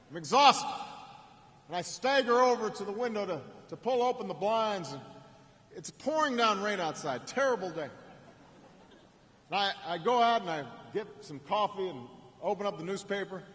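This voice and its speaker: A man giving a storytelling campaign speech at a rally in a large arena, with frequent repeated words and restarts and pauses for effect. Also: sits high, animated, fairly bright tone. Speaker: political speaker at a rally. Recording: echoing arena with faint ambience.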